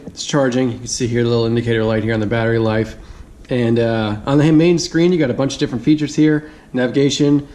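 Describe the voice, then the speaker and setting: A man's voice: medium pitch, darkish tone. Chatty man reviewing a gadget. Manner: chatty, thinks aloud, laughs easily. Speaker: product reviewer. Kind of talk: casual hands-on review.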